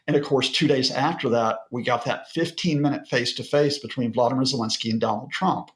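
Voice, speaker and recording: A man's voice: medium pitch, a little fast, hardly any pauses. A male professor being interviewed as a guest analyst, explaining at length in a lecture-like way with occasional fillers. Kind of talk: broadcast interview.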